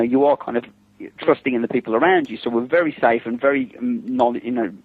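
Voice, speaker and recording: A middle-aged man with a husky, breathy voice tells chatty behind-the-scenes stories as an interview guest. He sounds amused and laughs between anecdotes. The recording is dry and somewhat dull and lo-fi. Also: mid-range voice, no echo. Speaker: interview guest, special effects makeup artist. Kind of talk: casual anecdotal storytelling.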